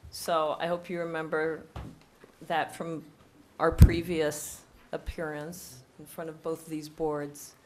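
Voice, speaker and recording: Hoarse from a cold and with her voice nearly gone, a woman presents a proposed bylaw at a public hearing in a town meeting room, explaining it step by step while speaking close into a table microphone. Her voice sits low with a darkish tone, and her delivery is flat and slow. There's slight background noise.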